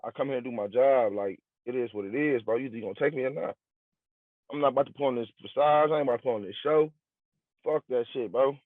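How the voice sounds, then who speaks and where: A man's voice: mid-range voice, quick pace, dry recording. Blunt profane man, tinny dry sound. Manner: blunt, profane, emphatic, slangy. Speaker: podcast co-host. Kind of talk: casual chat.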